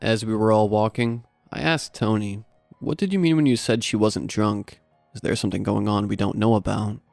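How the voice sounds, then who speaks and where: Gravelly, dark-voiced man narrating horror. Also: lowish voice, steady tone, moderate pace, no room sound, faint music behind. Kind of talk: scripted horror story narration.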